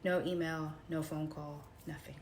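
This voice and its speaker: A woman telling a personal story to her viewers in a casual, animated way, calling them y'all and swinging from hushed retellings to excited outbursts. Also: deep voice, normal speed, a little hiss or hum. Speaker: vlogger.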